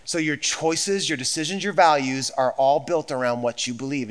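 A man's voice: on the high side, normal speed, hardly any pauses. A man preaching a sermon as pastor, emphatic and repetitive, with conversational asides to the congregation.

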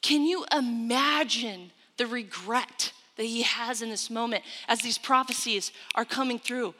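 A woman's voice: fairly high pitch, measured pace, hardly any pauses, pushed and bright. A woman preaching a sermon, retelling scripture with emphatic storytelling and quoted asides. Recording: long hall reverb.

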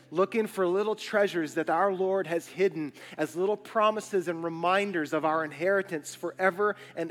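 A man's voice: sits high, fairly bright tone, long reverb tail. A man pastor preaching a sermon to his church, building intensity with emphatic repetition. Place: church sanctuary.

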